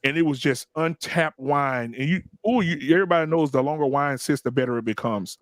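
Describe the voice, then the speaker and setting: Man, profane, animated, high-ish voice, dry studio mic. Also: brisk, dry recording. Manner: blunt, profane, animated storytelling with acted quotes. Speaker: podcast co-host. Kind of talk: casual group chat, storytelling.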